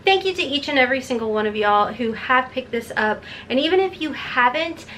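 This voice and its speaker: Woman beauty vlogger, chatty and rambling, a touch high-pitched, faint room hiss. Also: lively intonation, brisk, pushed and bright. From Kentucky. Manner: chatty, rambling, self-deprecating. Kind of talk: casual makeup tutorial chat.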